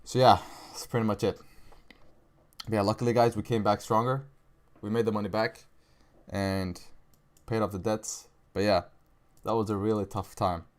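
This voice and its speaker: A young man hosts a live trading stream, reading viewer questions and chatting casually in slang, with lots of "bro" and "right." His voice is fairly low and fairly even, at a moderate pace with long pauses.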